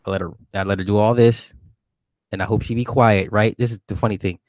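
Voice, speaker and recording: Male streamer, casual and profane, fields chat questions; lower voice, dry close recording. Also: a little fast, no echo. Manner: loose, profane, rambling, answers chat questions aloud; animated, jumps up in pitch when greeting viewers. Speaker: livestream host reading chat.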